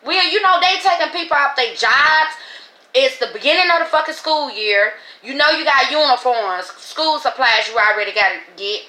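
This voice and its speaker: Podcast host, woman; emotional, profane, emphatic; bright high tone in an echoey room. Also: expressive, normal speed. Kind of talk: casual commentary.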